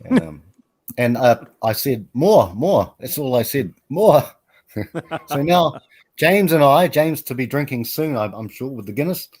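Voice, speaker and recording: A man's voice: mid-range voice, expressive, unhurried. A man hosting a live stream, chatting casually in a rambling, self-deprecating way and laughing often. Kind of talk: casual chat.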